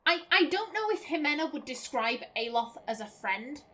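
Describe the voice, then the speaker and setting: A young woman from Lancashire with a softened Lancashire accent, chatting casually and rambling as she plays and comments on a game. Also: sits high, very animated, normal speed. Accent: Lancashire, softened toward standard British. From Lancashire, England. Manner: chatty, rambling, stumbling restarts, laughing asides. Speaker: game streamer. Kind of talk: casual let's play commentary.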